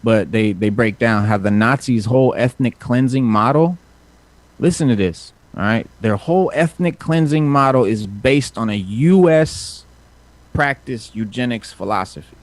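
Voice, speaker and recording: A man's voice: medium pitch, normal speed, no room sound. A man hosting a casual chat, recapping a comic with lots of fillers and restarts. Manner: rambling, many fillers and restarts. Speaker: podcast host recapping comics.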